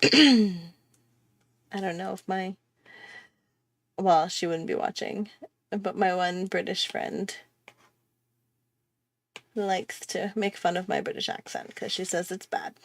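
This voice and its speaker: A woman's voice: on the low side, level tone, takes it slowly, pauses often, dry recording. Woman rambling while she draws, pokes fun at herself, lots of little laughs, dry mic. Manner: chatty, self-mocking, laughs often. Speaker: artist hosting a drawing livestream. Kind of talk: casual chat while drawing.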